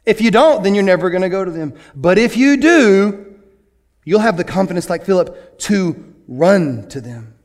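A pastor preaching a sermon in an animated way, moving from hushed asides to excited bursts. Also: male voice, high voice, moderate pace.

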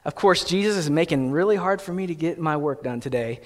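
A man's voice: on the high side, animated, fast, a little mellow, big-room sound, close to an everyday voice. A man in a church service voicing a grumpy, tired fisherman who grumbles in exasperation. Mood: grumbling.

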